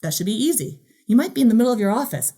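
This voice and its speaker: A woman giving a motivational keynote talk in a playful, animated way, acting out the voice in her head. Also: fairly high pitch, racing. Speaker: keynote speaker.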